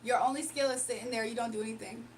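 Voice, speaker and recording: A woman's voice: fairly high pitch, steady tone, rapid-fire, slight background noise. A young woman livestreamer chatting casually and reading her chat aloud, sarcastic and playful, laughing often.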